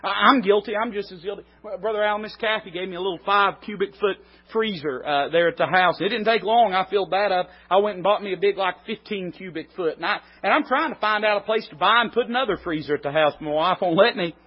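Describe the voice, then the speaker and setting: A man preaching a sermon, swinging between loud climbs and quiet drops. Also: sits high, fast, hardly any pauses, breathy edge, lo-fi sound. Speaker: pastor.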